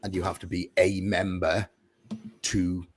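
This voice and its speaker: A man's voice: deep voice, level tone, a little slow, slight background noise. A man speaking as a fan trust representative, earnestly explaining on a podcast with frequent fillers. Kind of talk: podcast guest Q&A.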